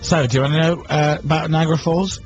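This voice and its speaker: A man's voice: on the high side, steady tone, quick pace, lo-fi sound, over loud music. A man hosting a breakfast radio show, teasing and playing jokes on his guest. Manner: teasing, playful, jokey. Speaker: radio host.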